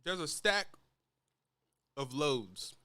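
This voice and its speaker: A man's voice: fairly high pitch, big pitch swings, drawn-out words, pushed and bright, no echo. A man who drives trucks, bluntly lecturing younger drivers in a casual, profane vlog rant. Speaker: truck driver giving advice.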